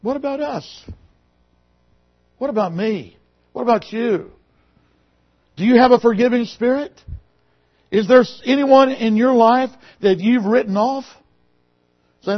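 A man preaching a sermon, swinging between loud emphatic phrases and quiet, lowered passages, reading scripture to his congregation. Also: a little slow, pauses often. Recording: muffled, lo-fi recording.

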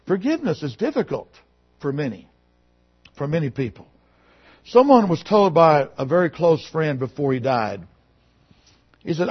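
A man preaching a sermon, swinging between loud emphatic phrases and quiet, lowered passages, reading scripture to his congregation. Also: sing-song, moderate pace, long pauses, husky. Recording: muffled, lo-fi recording.

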